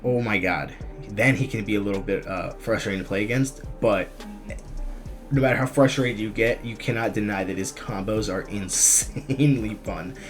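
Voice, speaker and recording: A young man speaks in a somewhat low voice, relaxed and chatty, as he gives his opinions on a game. He stumbles, restarts and fills gaps with ums. Faint background music plays under his talk. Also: normal speed. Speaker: gaming YouTuber. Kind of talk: casual commentary on a fighting game tier list.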